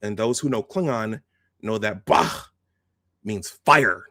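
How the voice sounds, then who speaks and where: A man's voice: fairly low pitch, slow, bright, forceful tone, dry recording, clean studio sound. A man hosting a video, casually recounting film scenes step by step and quoting the lines as he goes. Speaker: host.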